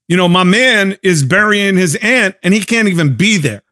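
Hoarse man, casual host, animated slangy storytelling, fairly high voice. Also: a little fast, hardly any pauses. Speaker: show host. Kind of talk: casual livestream chat.

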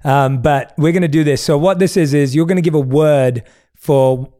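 A man's voice: fairly high pitch, moderate pace, warm tone. A man hosting a podcast interview, telling stories with frequent laughs and a self-deprecating manner. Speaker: podcast host. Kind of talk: casual interview chat.

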